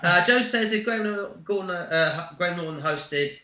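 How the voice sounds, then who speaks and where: A man's voice: sits high, roomy sound, a crowd in the background. A young man co-hosting a livestream in casual, joking chat. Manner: chatty, quick to joke. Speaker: livestream co-host.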